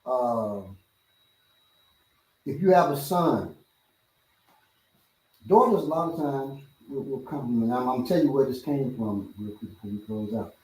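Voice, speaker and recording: A middle-aged man, a martial arts instructor and host, telling stories in casual chat and acting out other people's lines loudly. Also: mid-range voice, a little slow, long pauses. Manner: animated, acts out quoted voices loudly. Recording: roomy sound from a distant mic.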